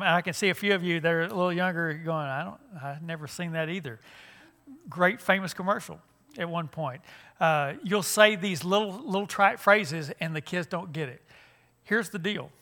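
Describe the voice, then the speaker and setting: A man's voice: on the high side, bright, forceful tone. An older man, giving a folksy, joking talk at a church conference, with frequent restarts. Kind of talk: humorous seminar talk.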